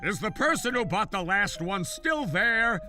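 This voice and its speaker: A man's voice: high voice, sing-song, a little slow, bright, forceful tone, soft background music, heavily acted. A man voicing a frantic, scheming male office worker who pushes and demands. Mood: pushy.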